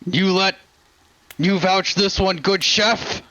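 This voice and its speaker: A man doing a gruff bugbear chef. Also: sits high, fairly even intonation, takes it slowly, sharp tone, no room sound, exaggerated voice, poor audio. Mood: possessive. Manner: clipped broken speech, possessive barking.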